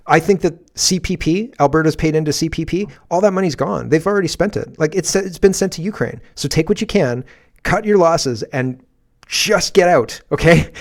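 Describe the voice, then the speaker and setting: A man's voice: on the high side, gravelly. Male commentary host, unscripted rant from his garage, defiant and punchy, with frequent profanity.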